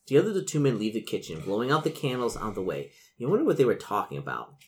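A man's voice: mid-range voice, wildly swooping pitch, fast, a little mellow. A man acting as game master, reading a gamebook's narration to his players with dry asides.

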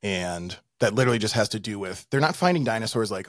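A man's voice: on the low side, lively intonation, normal speed, no room sound. A man co-hosting a casual podcast chat, dry and argumentative with wry teasing. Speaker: podcast co-host.

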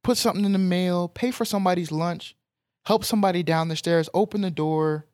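A young man, telling a personal story in an animated, emphatic way on a casual podcast. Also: sits high, brisk, no room sound, studio quality.

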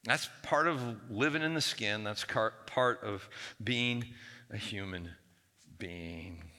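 Bright-voiced pastor preaching in a reverberant hall. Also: male voice, slow pace. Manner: acts out whiny biblical quotes in a raised pitch. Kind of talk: sermon. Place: church hall.

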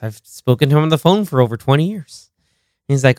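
A man co-hosting a casual movie podcast, retelling scenes in a rambling, animated way with lots of laughter. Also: mid-range voice, quick pace, no echo, clean studio sound. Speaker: podcast co-host. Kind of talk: casual film-review chat.

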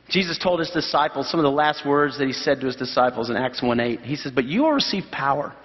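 A man preaches in a high voice, acting out the people in his stories and jumping up into excited shouts. The sound is muffled and a long reverb trails behind him, as in a large church hall. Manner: animated storytelling with voiced quotes and sudden high exclamations. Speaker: pastor. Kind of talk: sermon.

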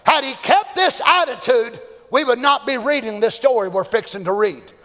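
Preacher guy, really high voice, fired up, long echo off the church walls. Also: moderate pace. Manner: fervent preaching, rising to shouts and dropping to hushed asides. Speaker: pastor. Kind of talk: Pentecostal sermon. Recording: long church hall reverb.

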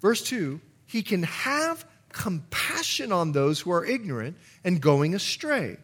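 A middle-aged man, a pastor, preaching a sermon in an animated way, now and then acting out short exchanges in a low growl. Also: a little slow, slightly rough. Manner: animated, acts out dialogue with sudden drops to a low growl.

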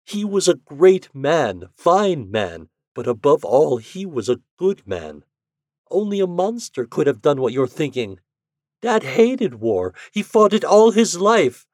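A man's voice: on the high side, sing-song, measured pace, a little mellow, no room sound, pitched above the performer's own voice. A man doing a tearful young woman, frightened, pleading, raised voice, dry close sound.

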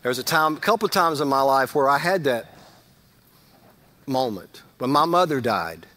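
This is a middle-aged man preaching a sermon in a conversational style, alternating between loud, emphatic moments and soft asides. He speaks at a normal speed in a mid-range voice with lively intonation.

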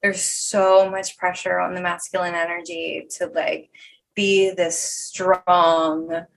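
A woman's voice: on the low side, level tone, takes it slowly, vocal fry, a little hiss or hum. A woman hosting a casual podcast chat, frank and supportive, often agreeing and laughing. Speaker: podcast host.

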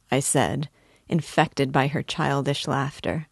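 A woman narrating an audiobook in a measured, plain reading. Her voice is low-pitched, and the recording is dry and close. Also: fairly even intonation, no room sound. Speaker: audiobook reader. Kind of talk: scripted narration.

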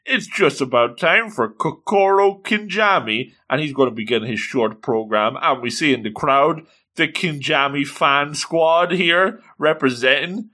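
A man excitedly reading a comic aloud and commenting, with frequent exclamations and jokes. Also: medium pitch. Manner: animated, exclaiming, joking.

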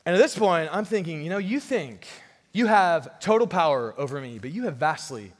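Young guy preaching, high voice, big echoey hall, animated and kinda sarcastic. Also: moderate pace. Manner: animated storytelling with playful sarcasm. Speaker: pastor. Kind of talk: sermon.

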